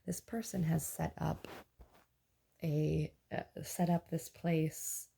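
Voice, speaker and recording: A tall red-haired magician man speaks in a polite, mildly cautioning way, as a woman quotes him in her own low, gravelly voice. He sounds measured and proper. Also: little pitch movement, warm tone, slight background noise, heavily acted.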